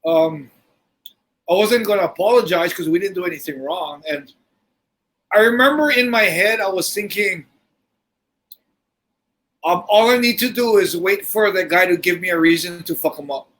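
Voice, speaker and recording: A middle-aged man telling a story in casual podcast talk, animated and swearing freely, often restarting his sentences. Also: high-pitched, normal speed, pauses often, low-quality recording. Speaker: podcast host.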